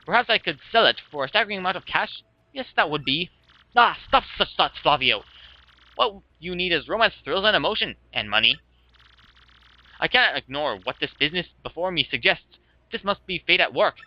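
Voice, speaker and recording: A man's voice: on the high side, animated, fairly quick, no room sound, pitched above the performer's own voice. A man hamming up a pompous vain merchant. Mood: haughty. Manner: pompous, theatrical, grandiose. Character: vain flamboyant male merchant captain. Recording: dull lo-fi with music.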